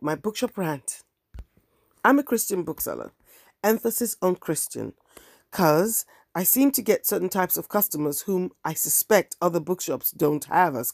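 A woman's voice: on the low side, creaky, a little mellow, dry recording, clean studio sound. A woman hosting her own podcast, talking candidly in a wry, ranting monologue. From African heritage. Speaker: podcast host and bookseller.

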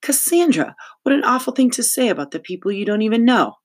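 A fussy school principal with a prim, scolding way of talking, pitched well up and lively. A narrator puts her on in a storybook reading. She corrects and lectures in a neat, proper tone. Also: fairly quick, lightly acted. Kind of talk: audiobook character voice.

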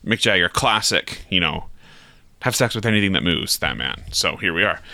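Male podcast host, deep and bright, dry close mic, loose rambling joke-teller. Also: lively intonation, normal speed, no echo. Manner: rambling, repeats words, voices characters in a joke. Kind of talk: casual podcast chat, telling a joke.

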